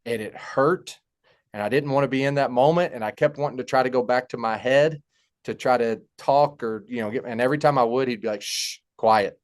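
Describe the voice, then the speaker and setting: A young man telling a personal story in a halting, heartfelt way, with many fillers and restarts. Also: medium pitch. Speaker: podcast guest. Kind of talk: personal story in casual conversation.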